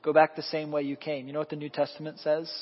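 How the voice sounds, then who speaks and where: A man preaching a sermon as pastor, animated and quizzing the congregation with questions. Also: on the high side, fast talker. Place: church sanctuary. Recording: echoey hall, dull lo-fi sound.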